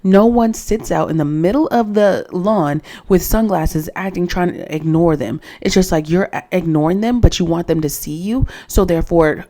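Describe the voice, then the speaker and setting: A woman gives a casual recap of a reality dating show, sounding opinionated and often exasperated as she talks straight to her viewers. Her voice sits on the lower side for a woman, with a mellow, soft-edged tone.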